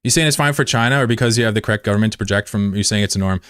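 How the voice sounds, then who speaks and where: A man streaming live, chatting bluntly and profanely with viewers, swinging between loud outbursts and low mutters. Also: very fast, clear, resonant tone, dry recording, studio quality. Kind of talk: casual live-stream chat.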